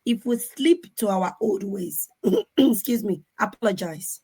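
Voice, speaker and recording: A woman's voice: mid-range voice, lively intonation, measured pace, a little mellow, breathy edge, rough recording. A woman in her forties speaking on a discussion panel, earnestly sharing parenting advice and acting out family exchanges. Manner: earnest, advice-giving, acts out family dialogue.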